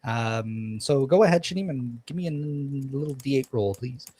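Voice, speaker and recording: A man's voice: mid-range voice, moderate pace, warm tone, husky. A man narrating as game master for a tabletop game, rambling with frequent ums and restarts.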